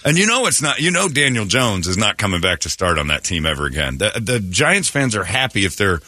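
Male morning radio host: brash and joking, lively up-and-down delivery, bright edge, dry studio mic. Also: lowish voice, a little fast, dry recording. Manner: brash, joking, slips into mock voices. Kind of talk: casual radio banter.

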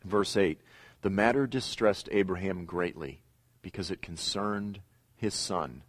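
A middle-aged man with a lowish voice gives a Bible lesson. He retells the scripture story with pauses and emphatic repeats. The sound is close and dry, with no room echo. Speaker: Bible teacher. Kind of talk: teaching lecture.

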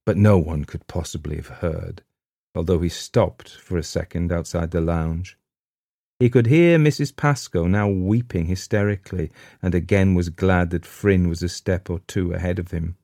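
A man reading a supernatural short story aloud in a measured, steady narration. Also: low-pitched, creaky, no echo, studio quality. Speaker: audiobook narrator. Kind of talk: scripted narration.

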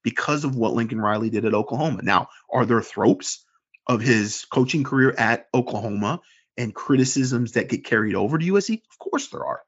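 A slightly husky man co-hosts a casual sports podcast, talking in long rambling runs and slipping into quick mimicked voices of fans. His voice sits at an ordinary middle pitch, and the recording comes through dull and lo-fi. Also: lively intonation. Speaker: podcast co-host and forum moderator. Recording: dull lo-fi sound.

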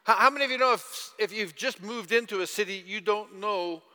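A man's voice: high voice, brisk, sharp tone, smooth, long reverb tail. A man preaching a sermon, telling stories and putting questions to the congregation. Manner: storytelling, asks audience questions. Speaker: pastor.

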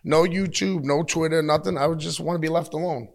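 Man in his thirties, blunt and profane, animated storyteller, higher-pitched voice. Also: a little fast, vocal fry. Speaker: pro wrestler, interview guest. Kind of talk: casual interview talk. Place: at a wrestling show taping.

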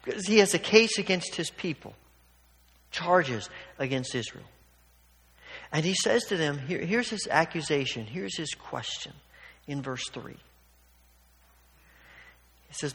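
Male pastor, conversational and emphatic sermon, higher-pitched voice. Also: lively intonation, normal speed, pauses often, fairly bright tone. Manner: conversational, emphatic, acts out quotes. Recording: long hall reverb.

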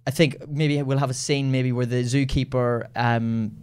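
Guy pitching a silly story, rambly, lots of ums, middle pitch. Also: fairly even intonation, a little slow, darkish tone, clear, resonant tone. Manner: rambling storytelling with many fillers and restarts. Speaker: comedian pitching a film idea. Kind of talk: panel show pitch.

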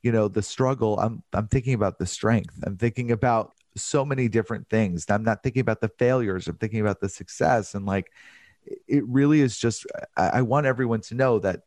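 A man's voice: lowish voice, fairly quick, a little mellow, dry recording, clean studio sound. A man being interviewed about his book, talking earnestly and emotionally with many restarts. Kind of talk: candid interview conversation.

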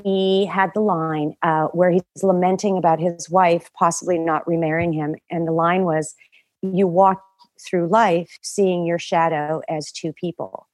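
A middle-aged woman with a slightly low voice tells behind-the-scenes stories in a relaxed chat. She slips into other people's voices for quotes. The sound is dry and close. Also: unhurried, dry recording. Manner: animated storyteller, acts out quotes. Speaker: guest, writer and actor. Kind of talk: casual podcast chat, storytelling.

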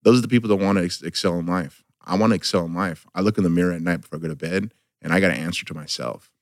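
Deep-voiced, earnest middle-aged man. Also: no room sound, clean studio sound. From Southern California. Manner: halting, earnest, full of ums and restarts. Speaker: guest. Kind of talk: casual podcast conversation.

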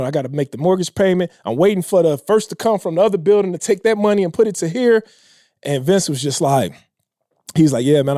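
A man with a high but dark, mellow voice tells a personal story in easy, casual speech. His voice sinks low and soft whenever he quotes someone else. It is recorded close and dry, with no room sound. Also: no room sound. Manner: emotional, drops low and quiet when quoting others. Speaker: podcast guest.

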